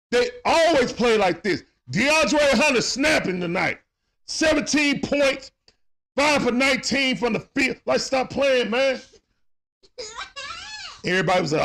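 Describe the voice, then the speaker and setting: Excitable high-pitched man hyping a game. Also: measured pace, gravelly. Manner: excitable, shouts and hypes big plays, greets viewers casually. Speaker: host of a sports talk livestream. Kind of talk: live play-by-play watch-along commentary.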